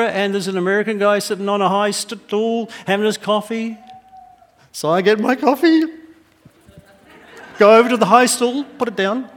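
High-voiced New pastor preaching. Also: male voice. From New Zealand. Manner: lively, humorous storytelling. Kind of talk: sermon with personal anecdotes. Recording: echoey hall.

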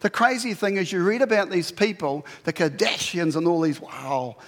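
A man preaching in a church, his voice sitting high for a man. He keeps it conversational and animated and poses questions to the congregation. A long reverb trails behind his words. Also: normal speed. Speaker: pastor. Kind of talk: sermon.

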